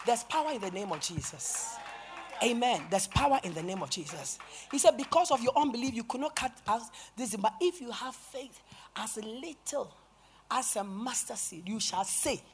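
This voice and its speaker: A woman pastor preaching a sermon, telling a story with animated acted-out quotes and rising to shouts. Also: on the high side, slight background noise. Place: church sanctuary.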